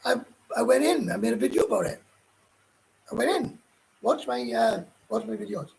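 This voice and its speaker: Gruff Welsh man with a gravelly voice. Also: very high-pitched, animated, moderate pace, darkish tone, rough recording. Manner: rambling and blunt, with frequent swearing and restarts. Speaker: livestream host. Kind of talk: casual live chat reading viewer comments.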